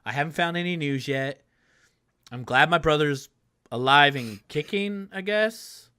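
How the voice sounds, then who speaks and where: A wary, weary sibling speaking in halting, hushed phrases , as a man voices him. The tone is bright and a little raised. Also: on the high side, clear, resonant tone.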